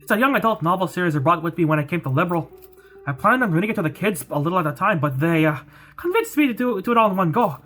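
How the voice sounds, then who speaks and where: A woman's voice: on the low side, lively intonation, racing, a bit bright. A woman doing a jaunty Scottish-accented young priest. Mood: breezy. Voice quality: wobbly put-on accent. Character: jaunty young male priest, playful and easygoing. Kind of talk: voicing game dialogue. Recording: faint music behind.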